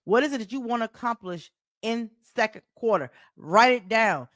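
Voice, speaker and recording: Southern woman, podcast coach, folksy and animated, repeats herself for emphasis, dry close sound. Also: on the high side, normal speed, dry recording. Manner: animated, preacher-like repetition, folksy slang. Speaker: life coach and podcast host. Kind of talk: solo motivational podcast talk.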